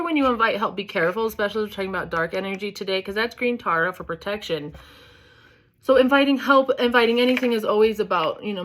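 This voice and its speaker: A woman's voice: mid-range voice, fairly bright tone. A woman giving a casual spiritual reading, chatty and candid, swearing freely and filling her talk with "like" and "you know". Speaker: tarot reader.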